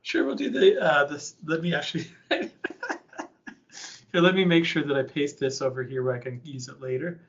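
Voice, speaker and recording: A man's voice: a little high, moderate pace, a bit bright, slight background noise. A man hosting a live webinar in a chatty, informal, easygoing way. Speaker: conference host. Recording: dull lo-fi webinar audio.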